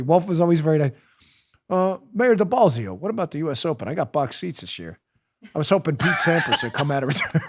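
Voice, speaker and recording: A man's voice: high-pitched, quick pace. Sarcastic, ranting male show host. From New York. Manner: sarcastic, mocking, animated rant. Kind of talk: political commentary show.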